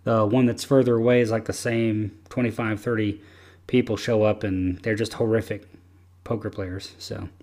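A man's voice: on the low side, little pitch movement, normal speed, darkish tone. A man hosting a casual podcast chat, rambling and easygoing with lots of fillers. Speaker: podcast host.

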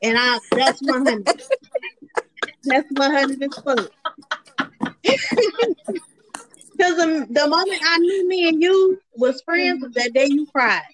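A woman's voice: high voice, takes it slowly, long pauses, fairly bright tone, a little hiss or hum, rough recording. A woman co-hosting a podcast in casual chat, blunt and profane, backing up her friend. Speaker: podcast co-host.

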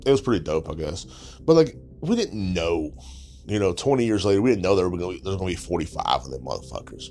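A man's voice: sits low, very animated, fast, dark tone. A young man hosting a podcast, ranting in a crude, sarcastic, mocking way and swearing constantly. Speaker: podcast host. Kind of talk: profane comedic rant.

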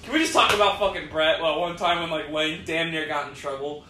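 A young man telling stories in a casual podcast chat, profane and animated. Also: a little high, brisk, far from the mic. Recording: echoey room, voice a bit off-mic, faint noise.

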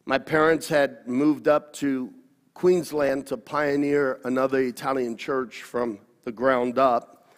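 A man's voice: medium pitch, fairly even intonation, takes it slowly. A man, a pastor telling his personal story in an interview, earnest and often correcting himself. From Australia. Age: 60s. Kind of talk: personal testimony. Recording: long hall reverb.

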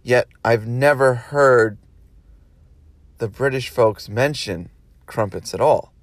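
Speaking slowly at a medium pitch, this American man rambles loosely through a podcast monologue, circling back to the same points and cursing when he gets heated. The recording is dry.

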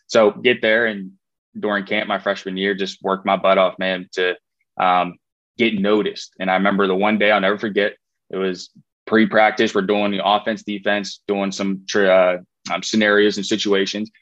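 A man's voice: on the low side, little pitch movement, moderate pace, a bit bright, no echo, highs cut off. A man in his twenties, a former college football player, telling his story in a casual interview, rambling with fillers and restarts.

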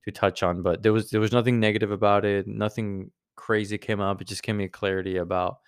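Guy with a real low voice, rambling podcast monologue, smooth and close, dry sound. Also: steady tone, fairly quick, no room sound. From United States. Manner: rambling, searching for words, many restarts. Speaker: podcast host. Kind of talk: casual personal monologue.

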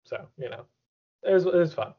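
A man's voice: fairly high pitch, expressive, a little fast, breathy edge, dull audio. Dry-joking man on a podcast. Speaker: podcast co-host. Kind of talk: casual podcast chat.

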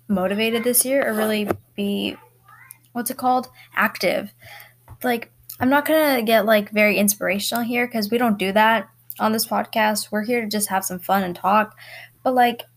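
A teenage girl hosting her own podcast from home, chatting casually and rambling with lots of fillers and little laughs. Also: mid-range voice. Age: teens. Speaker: podcast host. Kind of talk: casual solo podcast chat. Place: bedroom at home.

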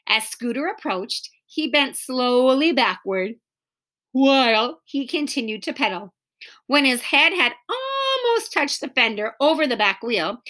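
A woman reading a children's book aloud with expressive storytelling. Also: high-pitched. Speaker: narrator.

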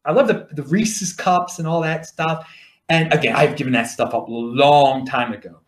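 A man with a Baltimore accent talks in a loose, rambling monologue, restarting his words as he goes. His voice sits a little high and swings widely in pitch. The room around him is echoey. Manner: chatty, repeats and restarts words. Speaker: livestream host.

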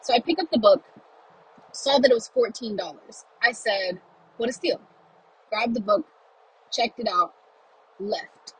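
A woman's voice: a little high, a little slow, pauses often, breathy edge, low-quality recording. A young woman talking casually about books on her podcast, chatty and effusive, with asides and fillers. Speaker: book podcaster. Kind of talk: casual chat.

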